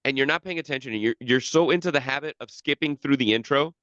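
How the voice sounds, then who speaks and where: A man chatting on a podcast, rambling and cursing freely, circling back over his own half-finished sentences. His voice sits in a middle pitch, and the recording sounds dry and a bit dull. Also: fast talker, fairly bright tone, no room sound. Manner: rambling, profane, many restarts. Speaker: podcast co-host. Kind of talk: casual chat.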